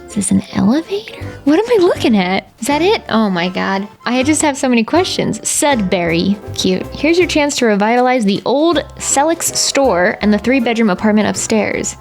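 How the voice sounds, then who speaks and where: A young woman casually commenting out loud as she browses house listings, reacting with laughs and gasps. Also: fairly high pitch, creaky. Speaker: vlogger.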